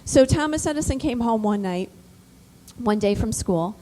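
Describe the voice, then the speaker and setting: Brief: fairly high-voiced woman, emphatic storyteller addressing mothers. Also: normal speed, low-quality recording. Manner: animated, emphatic, repetitive. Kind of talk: motivational storytelling speech.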